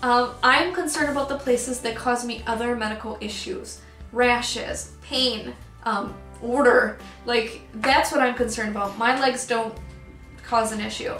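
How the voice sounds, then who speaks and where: A fairly high-voiced young woman talks through a personal story for her vlog, full of ums and restarts, her voice catching with emotion. The room around her is echoey, and soft music plays faintly underneath. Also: measured pace. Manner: emotional, gets choked up; rambling with many ums. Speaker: vlogger.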